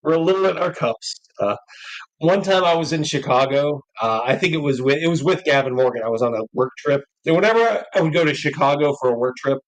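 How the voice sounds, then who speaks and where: A man's voice: fairly high pitch, fast, rough recording. A man hosting a live stream, telling rambling stories in a loose, tipsy chat and laughing often. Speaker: podcast host.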